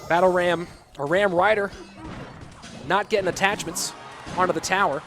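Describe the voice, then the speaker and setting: A man casting a live esports match, calling plays excitedly while chatting with viewers. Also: high voice, moderate pace. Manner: excitable play-by-play with hype bursts. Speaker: esports caster. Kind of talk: live game commentary mixed with chat replies. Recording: game music clearly behind.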